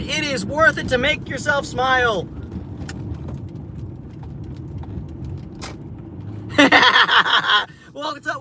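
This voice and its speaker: A man's voice: very high-pitched, bright, forceful tone. A man chatting casually and profanely to his stream viewers while driving his car in a city. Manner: chatty, profane, rambling asides. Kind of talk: casual livestream chat. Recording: clear car and road noise. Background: road and traffic noise.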